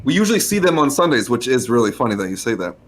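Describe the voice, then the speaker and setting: A young man in the co-host chair of a casual stock podcast, chatting with an easygoing, slangy manner. He laughs often, and his voice sits at an ordinary middle pitch. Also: big pitch swings, racing.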